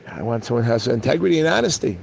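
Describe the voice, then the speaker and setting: A man's voice: mid-range voice, expressive, racing, gravelly, darkish tone, a little hiss or hum. A man voicing a proud, angry male lion who bullies the other animals in a spoken fable. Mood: indignant. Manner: indignant, bullying.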